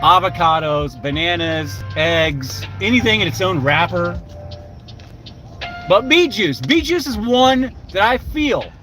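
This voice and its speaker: Older man, high voice, sharp tone, rambling profane live-stream chat, faint music behind. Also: very animated, takes it slowly, rough recording. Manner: rambling, profane, chats with viewers by name.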